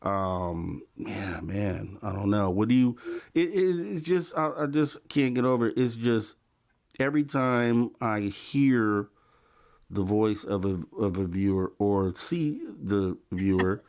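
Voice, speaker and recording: A man's voice: fairly low pitch, takes it slowly, a little mellow. Laid-back male talk show host. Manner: laid-back, repeats himself. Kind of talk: late-night call-in talk show.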